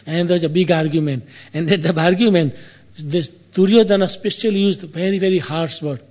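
Man, storyteller, slightly high voice, casual retelling, halting repeated phrases, asides to the listener. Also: a little mellow. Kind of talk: casual retelling of an epic tale.

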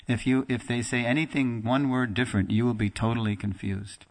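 A man who teaches a religious class tells a story in a storytelling lecture, speaking fairly quickly with hardly any pauses in a mid-range voice. He's an animated storyteller who acts out quoted dialogue, staying conversational with fillers and restarts and laughing now and then.

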